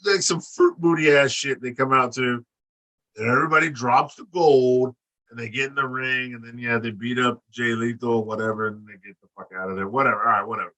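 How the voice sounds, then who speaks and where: Bright-voiced man ranting crudely. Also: mid-range voice, a little fast, low-quality recording. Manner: blunt, crude, animated rants. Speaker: podcast co-host. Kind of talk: casual profane chat.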